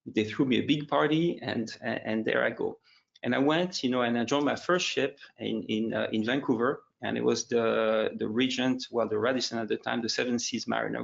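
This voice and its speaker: A man's voice: medium pitch, gravelly, dull audio. A man moderating a webinar panel, telling his career story with frequent restarts and a touch of emotion, over a video call.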